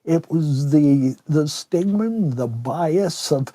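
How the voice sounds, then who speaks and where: A male podcast host asking slow, reflective questions in a conversational interview. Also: fairly high pitch, lively intonation, warm tone, no echo.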